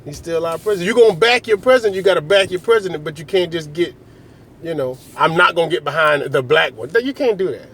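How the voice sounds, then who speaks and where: A man's voice: a little high, fast talker, fairly bright tone, breathy edge. A man delivering a comedic rant monologue, profane and rambling, with mocking asides.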